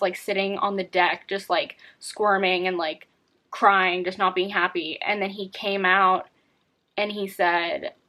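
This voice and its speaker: A woman's voice: medium pitch, fairly bright tone. A young woman speaks straight to her viewers in a personal vlog, telling her own story. She rambles candidly, often restarting sentences and filling gaps with small verbal fillers. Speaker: vlogger.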